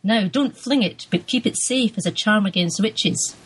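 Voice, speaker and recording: A woman's voice: medium pitch, normal speed, a bit bright, breathy edge, rough recording. A woman reading the lines of an earthy Scottish woman full of folk lore, homely and scolding, in a Scottish accent. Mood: knowing. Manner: homely, scolding, sure of fate.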